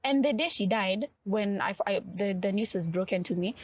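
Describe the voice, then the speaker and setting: A woman's voice: mid-range voice, moderate pace, husky. A woman on a podcast, telling a personal story in an earnest, emotional way. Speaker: podcast co-host. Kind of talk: podcast conversation.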